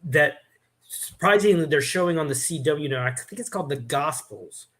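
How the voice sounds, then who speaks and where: A man's voice: a little high, animated, moderate pace, a bit bright. A man hosting a casual chat, telling rambling stories with many restarts. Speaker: host.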